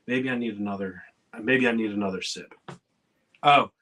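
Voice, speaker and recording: A man's voice: lowish voice, normal speed, sharp tone, a little hiss or hum. A man guest on a live tasting stream, hesitant and dryly joking. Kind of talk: casual tasting chat.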